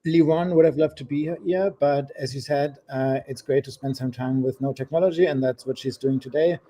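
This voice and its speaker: A man gives a casual update on an online showcase, in a relaxed and hesitant way, circling back over his words. His voice is mellow and dark, at a middle pitch. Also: fairly quick. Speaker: guest co-presenter.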